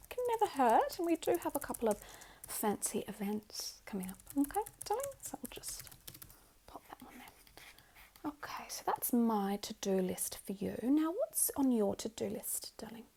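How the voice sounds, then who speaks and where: A woman's voice: a little high, warm tone, slight background noise. A woman voicing a doting, wealthy Australian mother in a whispered role-play, fussy and gushing, calling the listener darling.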